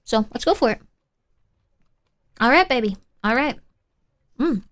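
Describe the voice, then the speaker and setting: A woman streamer chats casually on a live stream in a fairly high voice. She rambles along with many fillers and restarts. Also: lively intonation, unhurried, fairly bright tone.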